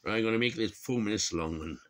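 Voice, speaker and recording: A man's voice: on the low side, quick pace. A middle-aged man from Wales with a Welsh accent, ranting alone and swearing in exasperation, his voice jumping up in mocking bursts. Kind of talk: solo rant to camera.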